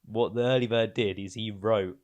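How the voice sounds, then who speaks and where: A man's voice: lowish voice, steady tone, normal speed, a little mellow. A man co-hosting a chat show, telling workplace stories with slang and teasing his co-host. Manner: chatty, uses slang, teasing. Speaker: podcast co-host. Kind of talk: casual chat, storytelling.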